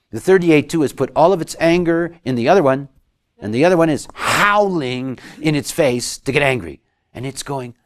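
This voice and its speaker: A man giving a lecture, talking in an animated way and acting out quoted voices. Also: mid-range voice. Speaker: lecturer on human design.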